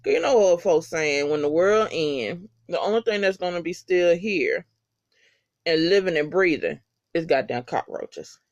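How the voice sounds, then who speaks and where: A vlogger recaps a TV episode in an unscripted, casual way, cursing freely and using plenty of slang. The intonation is lively and jumps up and down often. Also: mid-range voice, measured pace, dull audio. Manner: animated, heavy swearing, slangy. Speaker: TV episode reviewer.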